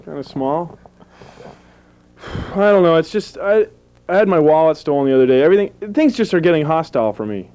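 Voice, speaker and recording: A man in his thirties doing goofy stand-up comedy on a public access TV show, deadpan jokes with sudden silly voices. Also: on the high side, brisk, smooth. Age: 30s. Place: small TV studio with live audience.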